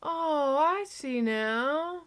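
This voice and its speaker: A woman giving excitable, gushing casual commentary while reacting to a movie. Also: high-pitched, extremely slow, slight background noise.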